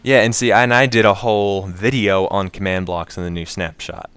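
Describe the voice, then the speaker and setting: An American man with a lowish, smooth, clean voice rambles through a relaxed late-night chat, often breaking into laughter. The close mic sounds dry with no room around it. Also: normal speed, no room sound. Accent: General American. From United States. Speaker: channel host.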